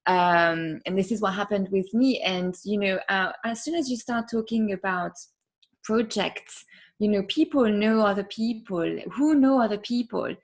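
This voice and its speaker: Woman guest in a relaxed interview, chatty, lots of fillers, gravelly fry. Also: medium pitch, moderate pace. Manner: chatty, many fillers, soft laughs. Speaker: podcast host, interview guest. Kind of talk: casual interview conversation.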